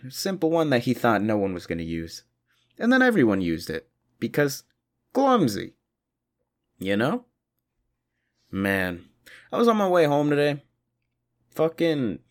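Young man, solo podcast host, low voice, rambling profane rants with loud outbursts. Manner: profane, rambling, jumps into loud mock-indignant bursts. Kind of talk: solo comedic rant.

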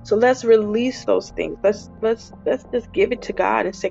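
A woman's voice: medium pitch, normal speed, creaky, a little mellow. A woman hosting a devotional podcast, speaking earnestly and repeating her phrases for emphasis. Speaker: podcast host. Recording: dull lo-fi recording, faint music.

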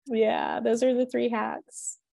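A woman coach and mediator, a podcast guest, talking earnestly and gently as she guides the listener. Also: a little high, wildly swooping pitch, takes it slowly, gravelly, no room sound. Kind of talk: podcast interview.

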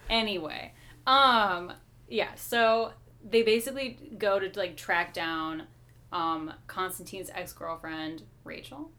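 A woman's voice: fairly low pitch, fairly even intonation, slow pace, bright, forceful tone. A woman co-hosting a podcast, chatting casually and easily about a comic book with frequent fillers. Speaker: podcast co-host.

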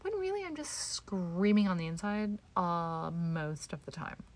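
A woman's voice: lowish voice, sing-song, unhurried, a little mellow. A woman hosting a solo podcast from home, talking candidly and self-deprecatingly, swearing freely and sometimes dropping to a whisper. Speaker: podcast host. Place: home, indoors.

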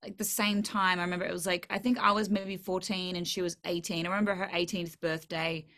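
A woman's voice: lowish voice, flat delivery, fast, fairly bright tone. A young Australian woman with a slight Southern US twang, a country singer chatting as a podcast guest, bubbly and self-deprecating. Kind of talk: casual interview chat.

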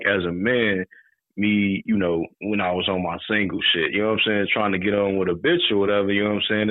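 A man co-hosting a podcast in casual chat, slangy, with quick agreeing interjections. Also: low-pitched, no echo. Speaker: podcast co-host. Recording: tinny phone-like line.

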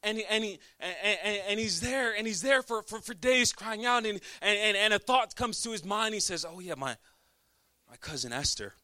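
A man's voice: high voice, moderate pace, hardly any pauses, bright, forceful tone, dry recording, clean studio sound. A man preaching a sermon, retelling a story with animation and repeating words as he builds each point.

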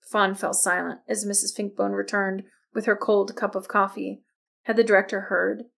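Gravelly-voiced woman narrating an audiobook. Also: mid-range voice, level tone, normal speed, fairly bright tone. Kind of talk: scripted narration.

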